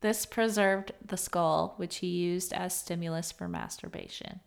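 A young woman with a fairly low voice co-hosts a true crime podcast. She reads the case details steadily, now and then breaking into nervous laughter. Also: steady tone, measured pace, gravelly, clean tone. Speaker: podcast co-host.

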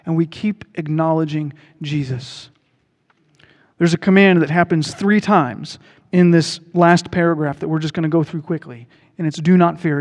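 High-voiced animated male preacher. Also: in a large hall. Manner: animated preaching, rising to loud proclaiming, dropping to quiet earnest tones. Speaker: pastor. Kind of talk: sermon.

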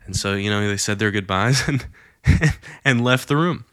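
Man, low voice, dry close sound, chatty faith storyteller who acts out quotes. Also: moderate pace, sharp tone, no room sound. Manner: conversational retelling with many fillers, acting out quoted lines. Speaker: Christian storyteller. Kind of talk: casual storytelling.

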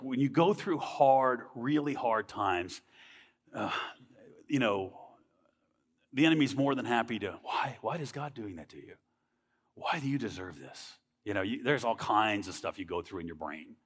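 A mid-range male voice echoes in a large hall as the man shares his faith testimony in church. He sounds earnest and conversational and checks in with listeners often by asking "right?"

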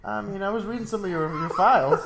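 A man's voice: high-pitched, fast, gravelly, a bit bright, reverberant. A man playing a game and trading playful, laughing banter with a friend. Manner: playful, laughs often, riffs on the scenes. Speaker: game player. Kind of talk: joking let's-play banter.

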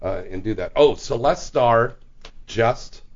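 Crude, animated male radio host. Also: medium pitch, takes it slowly. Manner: crude, joking and loose. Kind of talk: casual talk radio banter. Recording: dull lo-fi radio sound.

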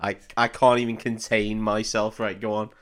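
A man's voice: fairly low pitch, flat delivery, moderate pace, a bit bright. A man co-hosting a podcast, joking, teasing and swearing casually. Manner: jokey, teasing, swears freely. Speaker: podcast co-host. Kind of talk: casual chat.

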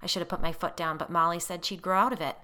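A woman voicing a grumbling, resentful older father who talks in a gruff, complaining way, in a storybook reading. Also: high voice, slow, fairly bright tone, pitched above the performer's own voice, heavily acted.

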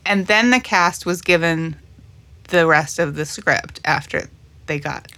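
Chatty podcast co-host, woman, slightly low voice, bright, quick to laugh. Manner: chatty, laughs often, recaps episodes. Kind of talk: casual chat.

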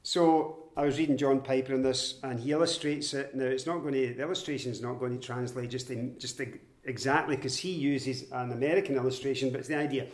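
A man's voice: mid-range voice, steady tone, a little fast, few pauses. A man preaching an expository sermon. He explains his points step by step in an earnest, emphatic way. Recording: roomy echoey hall.

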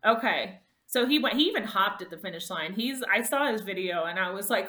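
Bright-voiced emotional woman storyteller. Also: medium pitch, quick pace, hardly any pauses, echoey room. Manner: emotional, laughs often, animated quoting. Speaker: guest ultrarunner. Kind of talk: casual storytelling.

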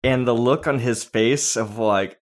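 A man leads a relaxed movie discussion on a podcast, breaking into laughter between his points. His voice sits in an ordinary middle range. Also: medium pitch, measured pace. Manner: laughs often, animated storytelling. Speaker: podcast host.

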